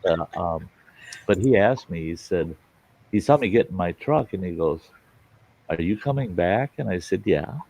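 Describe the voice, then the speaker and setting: A man's voice: sits low, animated, normal speed, mellow, breathy edge. A man hosting a live stream, chatting casually with viewers and telling rambling folksy stories that act out what people said. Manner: folksy, rambling storyteller who acts out dialogue. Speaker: host of a live storytelling stream. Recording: dull lo-fi sound.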